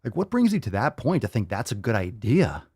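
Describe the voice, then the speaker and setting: Male podcast host, lively swearing rant, dry close mic. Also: fairly low pitch, brisk, husky, no room sound. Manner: profane, incredulous, repeats phrases for emphasis. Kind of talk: casual ranting commentary.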